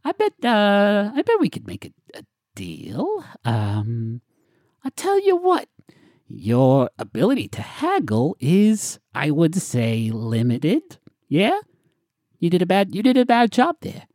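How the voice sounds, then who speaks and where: A man's voice: sits high, wildly swooping pitch, takes it slowly, darkish tone, no echo, studio quality, pitched above the performer's own voice, exaggerated voice. A man voicing a pushy female creature shopkeeper with whiskers, drawling and calling people darling. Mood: scolding. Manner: theatrical drawl, calls people darling and hun. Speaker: game master.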